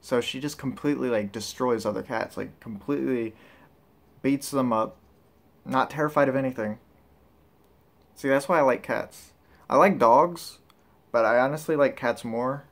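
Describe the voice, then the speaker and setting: A man's voice: mid-range voice, vocal fry. Rambling casual man. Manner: rambling, loose and candid, with many fillers. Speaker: vlogger. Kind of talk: casual vlog talk.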